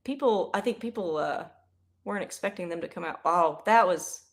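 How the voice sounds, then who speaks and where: A young woman doing casual live play-by-play of a football game, chatty and rambling, bursting into excited yelling. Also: lowish voice, moderate pace. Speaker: livestream host.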